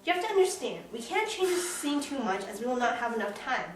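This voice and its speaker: A harried, impatient theater manager, played by a woman who hurries everyone along. The voice is high and lively, and it sounds far from the mic in a very echoey room with faint music. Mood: exasperated. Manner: brisk, exasperated.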